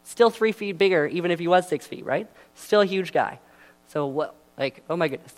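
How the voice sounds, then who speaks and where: A man's voice: high voice, expressive, moderate pace. A young man giving a sermon in a casual, chatty way, full of asides and fillers. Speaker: preacher.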